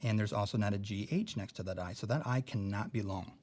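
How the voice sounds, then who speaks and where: A man's voice: lowish voice, fast, darkish tone. A young man teaching a recorded spelling lesson, patient and careful, often checking in with "okay?".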